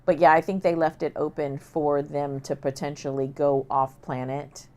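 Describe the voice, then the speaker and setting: A woman's voice: low-pitched, flat delivery, moderate pace, darkish tone. A woman co-hosting a casual talk show, talkative and joking, with frequent fillers. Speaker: podcast co-host. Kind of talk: casual chat.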